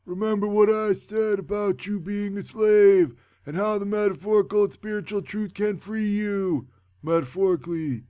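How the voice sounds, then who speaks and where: A man's voice: high-pitched, steady tone, moderate pace, dark tone, voice pushed up, close to an everyday voice. A man voicing a wise old male prophet, lecturing in a mock-solemn tone in a comic movie review.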